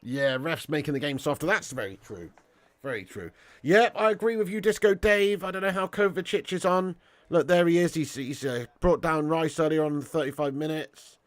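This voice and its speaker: A man's voice: a little high, normal speed, no room sound. A British man hosting a live football watch-along, chatting casually and reading out viewer comments. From Britain. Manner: chatty, laughs often, calls viewers mate and lad.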